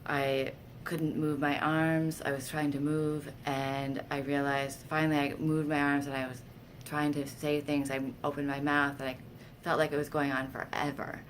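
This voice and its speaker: Speaking to camera in a deep voice at normal speed with few pauses, this woman vlogger shares casual, candid stories about herself, self-deprecating and animated whenever she quotes her own words. Slight background noise is present.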